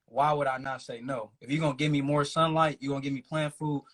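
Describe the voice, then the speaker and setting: A man's voice: mid-range voice, level tone, fast. A laid-back man, a rapper guest chatting casually in an interview, laughing often and talking in loose run-on thoughts.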